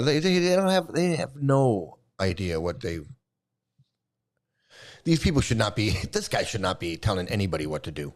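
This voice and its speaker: A man's voice: fairly low pitch, very animated, normal speed. A man hosting a commentary video, ranting heatedly, swearing and repeating himself as he gets worked up. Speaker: commentary host. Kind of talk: angry commentary rant.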